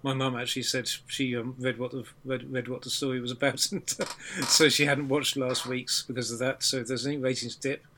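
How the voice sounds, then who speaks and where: A man on a discussion panel, giving his views in a measured, self-qualifying way. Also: medium pitch, flat delivery, noisy background. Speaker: podcast panelist. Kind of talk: casual chat.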